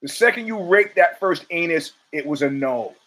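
A man's voice: a little high, lively intonation, moderate pace, a bit bright, rough recording. A man hosting a podcast, delivering a blunt, profane, riffing monologue of opinionated sports commentary. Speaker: podcast host.

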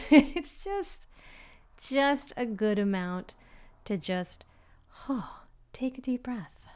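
A middle-aged woman vlogging in a casual, reflective monologue, rambling and chatty with many fillers, sometimes dropping to a soft whisper. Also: medium pitch, clear, resonant tone. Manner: drops to a soft whisper at times.

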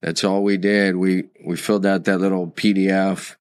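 A man leading a recorded course lesson, unhurried and reflective, fond of quotes and word origins. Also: deep voice, little pitch movement, darkish tone, clean tone, no echo, clean studio sound. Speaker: course instructor.

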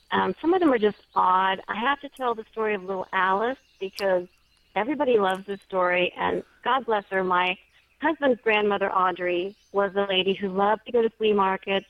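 A woman's voice: medium pitch, no room sound. Woman author telling a story over dull audio. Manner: chatty, earnest storyteller. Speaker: guest author. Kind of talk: storytelling in an interview. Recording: dull dry lo-fi sound.

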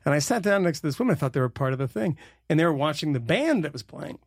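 A man's voice: a little high, sing-song, fast talker, slightly rough, no echo, clean studio sound. A man co-hosting a casual political podcast, rambling through anecdotes with many fillers and laughs. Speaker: podcast co-host.

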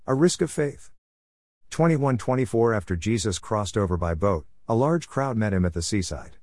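A man reading the Bible aloud in a measured, steady delivery, announcing verse numbers as he goes. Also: fairly low pitch, no room sound, studio quality. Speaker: Bible reader.

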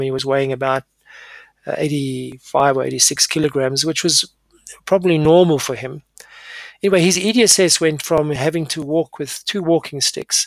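Middle-aged doctor guy, gravelly voice, measured, lots of uhs, dry close sound. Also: on the high side, no echo. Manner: measured, frequent "uh" fillers and self-corrections. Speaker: neurologist. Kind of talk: explanatory monologue.

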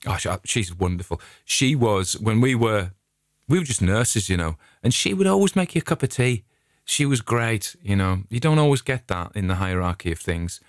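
A middle-aged man with an English accent and a notably low voice ambles through his anecdotes in a relaxed, digressive way. The sound is close and dry, with no room around it. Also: normal speed, no room sound. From England. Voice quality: chatty anecdotal storyteller, digressive. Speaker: vlogger. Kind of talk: casual rambling monologue.

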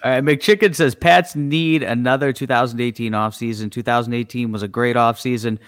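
A man's voice: mid-range voice, fairly even intonation, a little fast, smooth. A man co-hosts a casual live sports podcast and reads viewer comments aloud. He keeps a laid-back tone and mostly answers in short replies. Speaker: podcast co-host reading comments. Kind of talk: casual live-stream chat.

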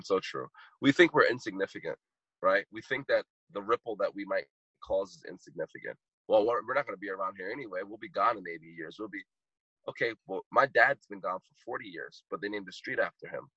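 A man's voice: on the low side, a bit bright, breathy edge, dry recording, muffled recording. A man in his thirties, a podcast guest and motivational speaker, telling a heartfelt story with emphatic repetition while choked up. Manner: emphatic, repeats phrases for impact.

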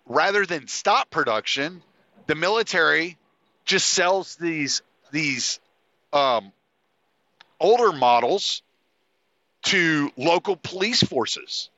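A man talks through a loose, profane podcast monologue, full of restarts and fillers and sounding stuffed up. His voice is bright and a little high, recorded dry and slightly dull. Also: lively intonation, slow, long pauses, no room sound. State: congested, sniffly. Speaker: podcast host. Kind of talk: casual monologue.

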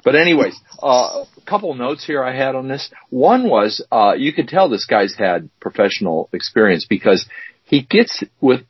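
A man's voice: medium pitch, very animated, moderate pace, slightly rough, no echo. A man co-hosting a podcast, chatting casually and rambling with fillers and restarts. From United States. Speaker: podcast co-host. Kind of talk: casual chat. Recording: dry, dull lo-fi sound.

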